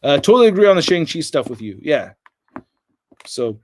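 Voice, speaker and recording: A man's voice: a little high, sing-song, normal speed, pauses often, a little mellow, slight background noise. An American man hosting a casual livestream, rambling and reading viewer comments aloud. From United States. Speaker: livestream host.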